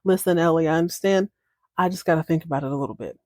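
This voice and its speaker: A flustered old lawyer, as a woman puts him on, pleading with an old friend to reconsider. His lines come out quick and rising, on a dry, close recording. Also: low-pitched, dark tone, no echo, close to an everyday voice.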